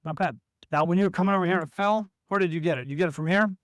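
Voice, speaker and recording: A man coaching a basketball practice, giving instructions and calling out drills to players, sometimes acting out what they should shout. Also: high voice, racing, no echo, studio quality.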